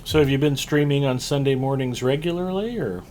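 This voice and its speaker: A man hosting a game live stream in a relaxed, chatty way, his voice sitting at an ordinary middle pitch. A faint hiss of noise runs under his talk. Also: brisk. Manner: relaxed, chatty, gives viewer shout-outs. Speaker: streamer host. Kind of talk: casual live-stream chat.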